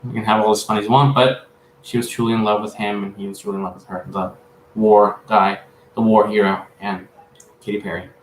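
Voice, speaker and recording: A man acting as a psychic medium gives a casual spiritual reading, rambling and halting often with many "um"s filling the gaps. His voice is lowish and level in tone. The room is echoey, with slight background noise.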